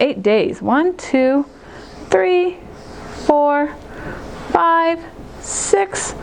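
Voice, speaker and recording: A woman teacher recording a math lesson for second graders, talking through each step slowly and clearly. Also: high voice, slight background noise. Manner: slow, clear, step-by-step explaining.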